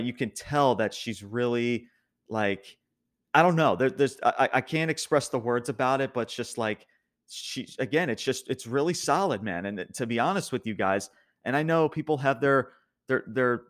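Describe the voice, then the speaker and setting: A young man casually recapping a wrestling show as a podcast host, rambling with many restarts and frequent laughs. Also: mid-range voice.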